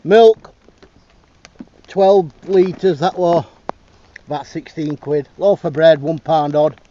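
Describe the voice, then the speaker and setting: A man's voice: fairly high pitch, fairly even intonation, takes it slowly, mellow. A man chatting casually while driving, blunt and sweary, talking to his dogs in between. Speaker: vlogger. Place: inside a car on the road. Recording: slightly dull, faint road noise.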